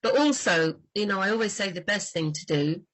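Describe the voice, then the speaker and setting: A woman book doctor talking in a lively, chatty way on a livestream about writing crime fiction. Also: mid-range voice, a little fast, low-quality recording.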